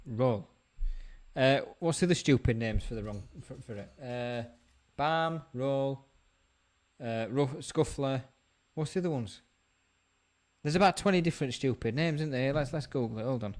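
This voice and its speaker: A man's voice: mid-range voice, moderate pace, long pauses, a little mellow. A man with a West Yorkshire accent, hosting a casual online pub chat, bantering and laughing often. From England. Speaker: host.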